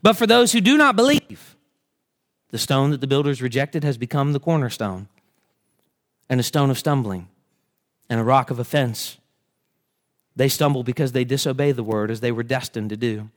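A man preaching a sermon as pastor, swinging between slow hushed verse readings and fervent, rising appeals. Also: expressive. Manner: builds to fervent, high-pitched emphasis; drops to slow, hushed tones on key verses.

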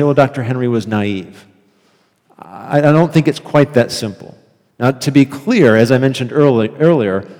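A man of ordinary pitch delivers a lecture with earnest emphasis, often hammering a phrase several times. His voice carries a long reverb from a large hall. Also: mellow. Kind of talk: evening lecture on theology.

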